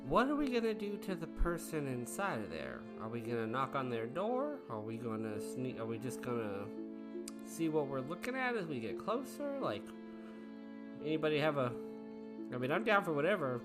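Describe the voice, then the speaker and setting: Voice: medium pitch, sing-song, normal speed. Tabletop player, giggly, rambling, lots of fillers, faint music underneath.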